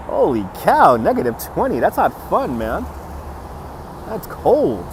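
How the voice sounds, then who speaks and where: This livestream host's slightly high, creaky voice swings hugely in pitch at a measured pace as he walks a city waterfront street. He's upbeat, chuckles a lot and greets viewers one by one, filmed on a gimbal-mounted phone amid faint traffic.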